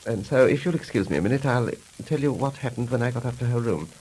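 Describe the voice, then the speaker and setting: A man from Britain telling a deadpan 1930s stage comedy monologue in a dry manner. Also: mid-range voice, fast, slight background noise, rough recording. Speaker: comic monologist.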